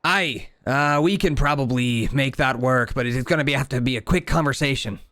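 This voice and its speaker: A man puts on a gruff dwarf doorman who barks orders at the crowd in a raised, bellowing voice. The voice is smooth and carries in a dry, close space. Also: mid-range voice, moderate pace, dry recording, natural voice. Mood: brusque. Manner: bossy, yelling at a crowd. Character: gruff male dwarf line-keeper at a ship.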